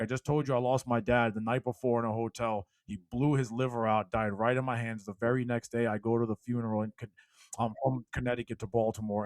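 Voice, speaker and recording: A man's voice: medium pitch, dry recording, rough recording. Emphatic man preaching resilience. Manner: emphatic, preachy, rising to loud exhortation. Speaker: podcast guest, motivational speaker. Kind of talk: impassioned storytelling.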